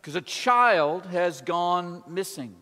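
Preacher, male, slightly high voice, chatty sermon delivery with homey asides, echoing church hall. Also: expressive, takes it slowly, pushed and bright. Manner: conversational, with folksy asides. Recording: long church reverb.

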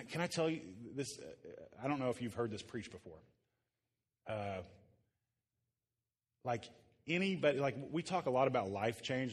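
A man's voice: medium pitch, big-room sound. A man preaching a conversational sermon to a live congregation in a church. He is a pastor who jokes casually with the room and often restarts his sentences. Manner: casual, joking, with frequent restarts.

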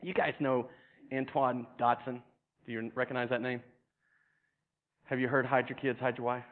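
A man preaching a sermon in an animated way, stumbling over repeated words and acting out other people's voices with humor. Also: mid-range voice, normal speed. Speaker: pastor. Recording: tinny phone-like sound.

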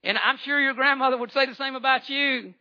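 A man's voice: extremely high pitch, steady tone, brisk, pushed and bright, highs cut off. A man, giving a fervent church testimony with repeated phrases and stammering restarts. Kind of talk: impassioned testimony sermon.

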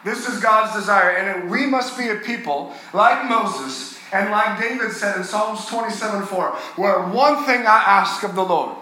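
A man preaching a sermon as pastor, earnest, rising and swelling on key phrases and dropping soft and low on tender moments. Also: measured pace, hardly any pauses, heavy reverb, slight background noise, poor audio.

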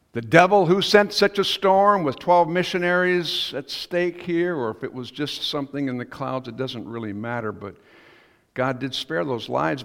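Man preaching with a hall echo. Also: mid-range voice. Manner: conversational storytelling, musing asides. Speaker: pastor. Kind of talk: sermon. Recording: long reverb of a church hall.

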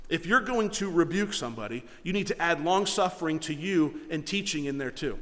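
A middle-aged man preaches to his congregation, earnest and emphatic, pushing some phrases hard and letting others fall quiet. His voice sits a little high for a man. The sound carries a long reverb from the church hall around him. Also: lively intonation, a little fast. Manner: earnest, emphatic preaching with rising and falling volume. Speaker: pastor. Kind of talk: sermon.

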